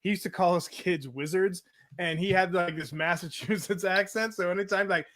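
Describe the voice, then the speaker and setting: Upbeat male co-host, high and bright voice, laughs often, reads listener comments. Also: normal speed. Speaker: podcast co-host. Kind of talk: casual chat reading listener comments.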